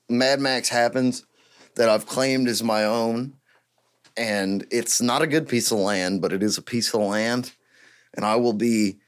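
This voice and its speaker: A man riffs loosely as a podcast host, with a mid-range pitch. He jokes, rambles and gets excited easily, in a relaxed, unscripted way. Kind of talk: casual podcast rant.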